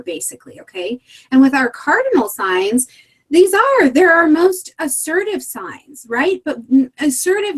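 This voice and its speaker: A woman with a high voice, speaking as a guest in an earnest, explaining way. She often checks in with the listener as she talks. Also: poor audio. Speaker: astrologer guest. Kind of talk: casual explanatory chat.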